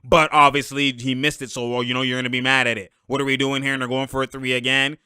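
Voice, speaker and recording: A man casually breaking down basketball plays as the host, animated and quick to act out what players say. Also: mid-range voice, clear, resonant tone, no room sound, studio quality. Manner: animated, quotes players in put-on voices. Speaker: sports commentator.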